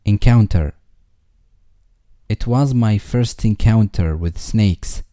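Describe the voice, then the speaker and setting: A man reads English vocabulary for a lesson, saying each word twice before an example sentence. He speaks very slowly in a dark, mellow voice set fairly low. The recording is dry and close. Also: no echo. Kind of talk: slow scripted word-and-sentence reading.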